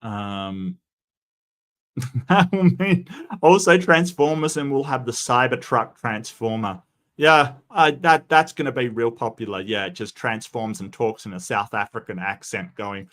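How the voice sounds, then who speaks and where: A man with a mid-range, slightly bright voice talks a little slowly while chatting casually on a livestream. He reads and answers his chat, rambling with lots of restarts and fillers as he shares strong opinions.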